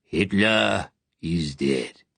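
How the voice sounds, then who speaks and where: Figure: aged male wartime leader, gruff and weary, put on by a male narrator. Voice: very deep growl with a lisp, slow and grave, a little husky. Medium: audiobook. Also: expressive, fairly bright tone, dry recording, heavily acted. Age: older.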